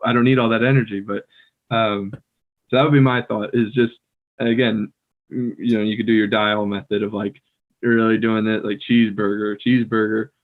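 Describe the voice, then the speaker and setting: A man's voice: on the low side, normal speed. American man on a tinny call line. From United States. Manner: relaxed, filler-heavy, playfully mimics others. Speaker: podcast co-host, English native speaker. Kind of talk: casual language-learning chat. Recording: tinny phone-like call audio.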